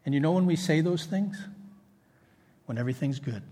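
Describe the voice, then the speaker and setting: A man preaching a sermon in an animated, conversational way. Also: fairly high pitch, a little fast. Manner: animated, conversational preaching with jokes and acted quotes. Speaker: pastor. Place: church hall with congregation. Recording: echoey church hall.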